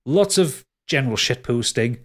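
Lively game master rambling. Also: male voice, mid-range voice, normal speed. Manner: rambling, laughing, swears casually. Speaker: game master and podcast host. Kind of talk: casual podcast outro and plugs.

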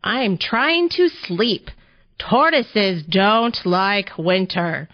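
A cranky tortoise who only wants to sleep, voiced by a woman reading aloud. He drags his words out in a slow, sulky grumble, and his voice rises and falls. The audio sounds a little dull. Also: on the low side, animated. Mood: grumpy. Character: grumpy sleepy male tortoise.

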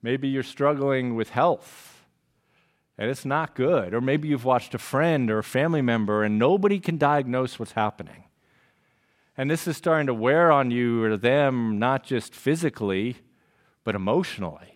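A man preaching a sermon in a casual, conversational way, with slang and rhetorical questions, going quiet and slow on scripture and loud and quick in stories. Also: medium pitch. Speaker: pastor.

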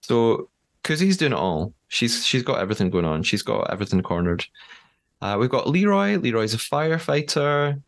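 A man's voice: medium pitch, big pitch swings, normal speed, creaky. A man hosting a podcast in casual chat, chatty with frequent fillers and easy laughter. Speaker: podcast host.

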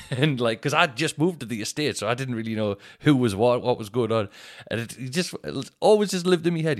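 A man in his thirties with a Northeast English accent tells a casual, rambling story as a podcast host. He often restarts his sentences and laughs along with his own comedy, speaking at a middling pitch. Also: animated, fairly quick. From Northeast England.

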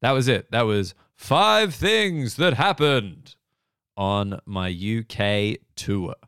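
A man's voice: medium pitch, lively intonation, slow pace, fairly bright tone, clear, resonant tone, dry recording. A man in his thirties with an Australian accent, telling rambling, profane, self-deprecating stories as a comedian hosting his own podcast. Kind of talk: casual comedic monologue.

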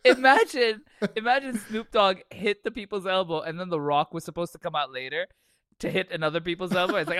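Podcast cohost guy, bright lively voice, swears a ton, dry room. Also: high voice, a little fast, no echo. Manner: laughing often, heavy swearing, animated storytelling. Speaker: podcast co-host. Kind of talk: casual chat.

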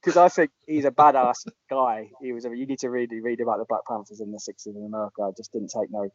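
A man, chatting casually as a podcast host and telling animated anecdotes. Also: medium pitch, fast, no room sound. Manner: lively storyteller, puts on voices in anecdotes. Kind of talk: casual chat. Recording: dull lo-fi sound.

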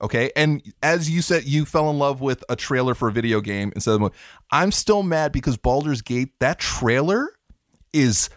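A man co-hosting a podcast in casual chat, telling stories with lots of jokes and sudden jumps into high mock voices. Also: moderate pace, no room sound, clean studio sound. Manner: animated, jokey storytelling with swings into high mock voices. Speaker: podcast co-host.

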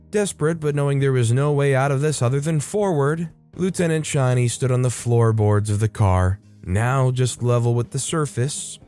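A man reading a story aloud as a scripted narration, wry and lively, speeding up and slowing down for effect. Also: mid-range voice.

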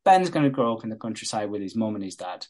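A man's voice: fairly low pitch, big pitch swings, fast, darkish tone. A man in casual chat, retelling a soap plot with lots of swearing and acted-out quotes. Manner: sweary storyteller acting out quotes. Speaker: podcast co-host.

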